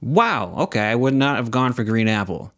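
A man's voice: mid-range voice, expressive, moderate pace, a bit bright, no room sound, clean studio sound. A young man co-hosting a podcast, chatty and joking, laughing often. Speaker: podcast co-host. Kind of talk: casual chat.

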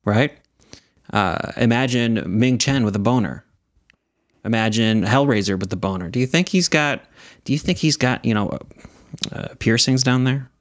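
Chatty and full of jokes, a young podcast co-host laughs frequently during a casual conversation. He speaks at a moderate pace in a mid-range voice with lively intonation, recorded cleanly in a studio with no echo.

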